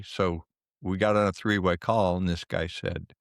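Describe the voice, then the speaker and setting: Deep gravelly man telling stories. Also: unhurried, dry recording, studio quality. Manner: animated storyteller who acts out quoted dialogue. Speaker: podcast guest, remote viewer. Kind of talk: conversational storytelling.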